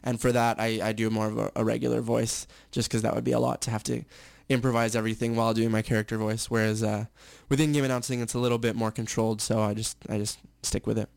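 A man's voice: lowish voice, level tone, quick pace, gravelly, few pauses, a little mellow, dry recording. A young man, a stadium announcer and actor, chatting candidly as an interview guest with many fillers and restarts. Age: young adult. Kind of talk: casual interview chat.

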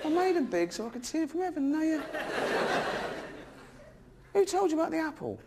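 A man doing a shrill, outraged God. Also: sing-song, brisk, a loud crowd, very noisy, full character voice. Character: furious, petulant male God, shouting.

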